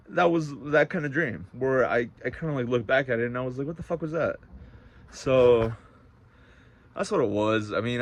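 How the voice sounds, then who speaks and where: A young man telling a story in a casual vlog, swearing a lot and swinging between loud outbursts and quiet, reflective talk. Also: medium pitch. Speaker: vlogger.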